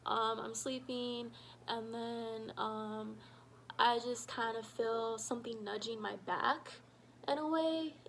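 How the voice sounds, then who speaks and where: Woman, casual storytime vlog, animated, slightly high voice, faint background hiss. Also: slow pace, poor audio. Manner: animated, shouts quoted lines, many fillers. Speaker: storytime vlogger.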